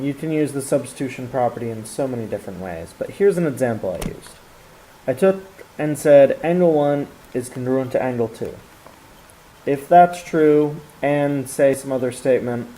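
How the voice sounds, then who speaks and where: A man's voice: medium pitch, warm tone, slight background noise, rough recording. A man explaining a geometry lesson step by step, with fillers and restarts. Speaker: math teacher.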